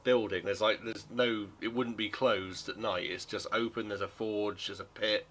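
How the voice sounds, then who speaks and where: A man's voice: fairly low pitch, steady tone, moderate pace, fairly bright tone, a little hiss or hum. A man running a tabletop game as game master, narrating in a rambling way and correcting himself as he goes.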